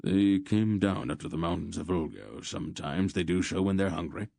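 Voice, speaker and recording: A man voicing an old male sorcerer who speaks calmly and decisively, as a storybook figure. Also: deep voice, moderate pace, vocal fry, dry recording, studio quality. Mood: commanding. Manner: calm, decisive.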